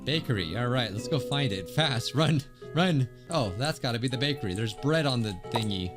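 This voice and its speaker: A man giving excitable, jokey let's play commentary while playing a game. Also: medium pitch, normal speed, hardly any pauses. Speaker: gaming YouTuber. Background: game music.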